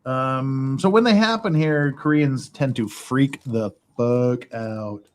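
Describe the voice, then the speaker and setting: A man's voice: mid-range voice, slow. A man hosting a livestream at home, telling rambling, casual stories, swearing freely and laughing often. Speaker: livestream host. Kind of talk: casual chat. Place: his house in Korea.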